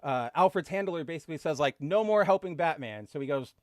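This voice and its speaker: Excitable man gushing in casual podcast chat. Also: fairly high pitch, fast talker, no room sound, studio quality. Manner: excitable, filler-heavy, gushing. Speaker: podcast co-host. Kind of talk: casual comic book chat.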